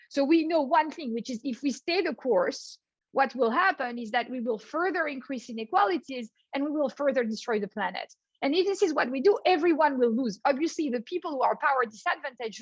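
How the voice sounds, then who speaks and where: A woman's voice: on the high side, dry recording, muffled recording. A middle-aged woman with a French accent giving an online workshop lecture, earnest, often repeating small words as she starts a thought. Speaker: guest speaker, professor.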